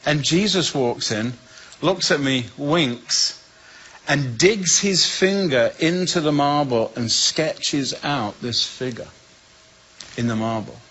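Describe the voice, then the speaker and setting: Bright-voiced English man telling a story. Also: fairly high pitch, slow pace, low-quality recording. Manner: lively storyteller who acts out the voices in his tale. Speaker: guest speaker. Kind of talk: humorous personal storytelling.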